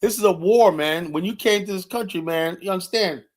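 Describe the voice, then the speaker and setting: A man's voice: sits high, a little fast. Man, live streamer, confrontational and profane, casual heated talk with filler-heavy delivery. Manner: fillers like "you know" throughout.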